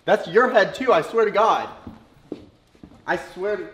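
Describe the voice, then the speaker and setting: A young man chatting while cooking, loud and excitable, swearing a lot. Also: sits high, unhurried, long pauses, echoey room. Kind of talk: casual chat while cooking. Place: home kitchen.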